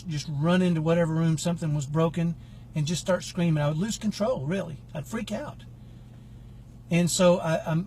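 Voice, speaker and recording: A man's voice: a little high, darkish tone, a little hiss or hum. A middle-aged man telling a personal story in a casual, earnest, reflective way as a parenting coach. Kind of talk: casual talk to camera.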